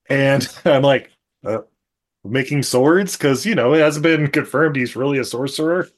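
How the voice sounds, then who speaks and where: A man's voice: mid-range voice, moderate pace. A man hosting a podcast, chatting casually and laughing often as he retells scenes with quoted asides over a video call. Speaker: podcast host. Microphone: video call microphone.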